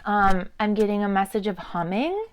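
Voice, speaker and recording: A woman in her thirties doing an intuitive oracle card reading to camera, chatting in a meandering way with fillers, and sometimes dropping to soft murmurs. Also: mid-range voice, very animated, moderate pace. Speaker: tarot and oracle card reader.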